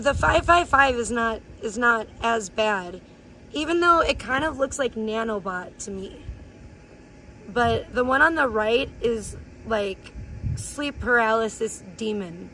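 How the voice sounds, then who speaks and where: A woman live streamer ranting in blunt, crude, gossipy chat and sometimes breaking into high playful chants. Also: sharp tone, slight background noise. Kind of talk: casual IRL livestream chat.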